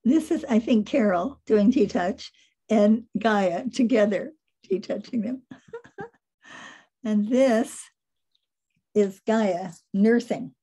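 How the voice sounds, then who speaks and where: An older woman casually telling stories over a slide show, animated, often laughing and trailing off mid-sentence. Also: mid-range voice, slow, pauses often, slightly rough. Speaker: animal trainer presenting photos.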